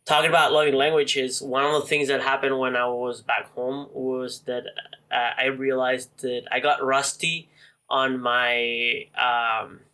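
A man's voice: a little slow, rough recording. A man co-hosting a podcast in casual chat, rambling and leaning on "like" a lot. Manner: animated, jumps into higher voices for quotes. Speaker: podcast co-host.

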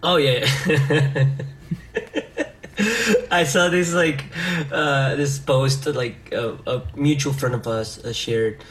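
A man co-hosting a podcast, chatting casually and teasing his friend. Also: mid-range voice. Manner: teasing, quick to laugh, lively banter. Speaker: podcast co-host.

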